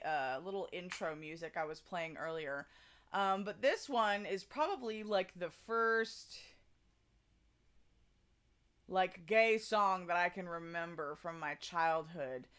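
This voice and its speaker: Chatty woman streamer, smooth lowish voice. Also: a bit bright. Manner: chatty and rambling, with many fillers and restarts. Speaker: streamer hosting a karaoke stream. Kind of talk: casual chat to a live stream audience.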